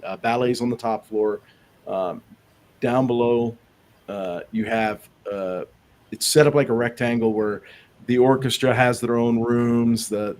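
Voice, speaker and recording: A paranormal investigator with a fairly low voice tells rambling anecdotes in a casual podcast interview, with slight background noise. His storytelling has many restarts.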